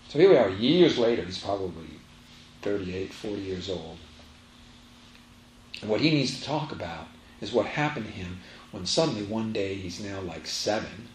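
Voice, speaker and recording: A man's voice: fairly low pitch, lively intonation, normal speed, a little hiss or hum. A man giving a spiritual teaching talk to a live audience, emphatic and repeating his phrases as he tells a story. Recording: roomy echo, faint ambience.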